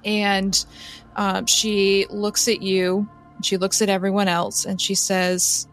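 A woman narrating a tabletop role-playing game as game master, in slow, measured storytelling. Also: mid-range voice, level tone, faint music behind.

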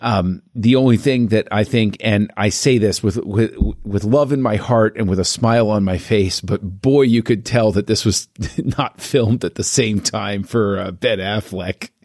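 A man co-hosting a podcast in casual chat, animated and given to mock-outraged asides. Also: on the low side, unhurried, few pauses, no room sound. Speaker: podcast co-host.

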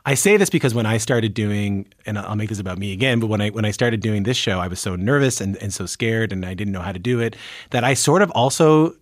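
Give me a male host with a low-ish voice, candid and chatty. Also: brisk, no room sound, clean studio sound. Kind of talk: casual interview conversation.

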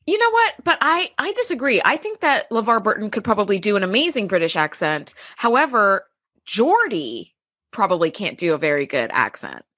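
A young woman co-hosting a casual chat, animated and quick to laugh, leaping up in pitch whenever she quotes someone. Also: no room sound, clean studio sound. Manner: animated, laughs often, jumps high in pitch when quoting. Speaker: podcast co-host.

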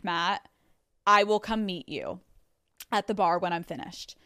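A woman in her thirties hosting a podcast, telling a story on her own in a lively, cursing way and acting out what people said. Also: lowish voice, unhurried, no room sound, clean studio sound. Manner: animated, swearing, acting out quotes. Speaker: podcast host. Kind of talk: solo storytelling to listeners. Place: studio.

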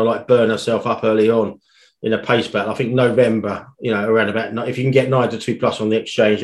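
A man giving horse racing tips on a podcast in a measured, hesitant way with fillers. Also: fairly low pitch, roomy sound. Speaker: racing pundit. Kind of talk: casual podcast chat.

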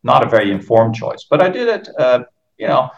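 In a muffled, lo-fi recording made at home, a Dutch golf course architect in his fifties rambles through a podcast interview, restarting often and leaning on fillers. His voice is medium-pitched with vocal fry, very animated and brisk, and his accent carries an American tinge.

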